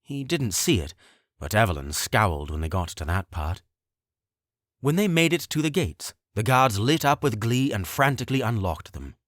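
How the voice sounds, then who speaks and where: This fairly low-pitched male narrator reads an audiobook script, telling the story in an expressive, measured way. The audio is studio quality, with no room sound.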